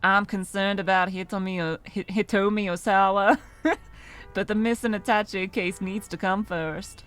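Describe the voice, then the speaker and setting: A woman voicing a cold, gruff male detective while attempting an American accent. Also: mid-range voice, steady tone, normal speed, a bit bright, faint music behind, lightly acted. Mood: curt. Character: gruff cold-hearted man, a partner detective.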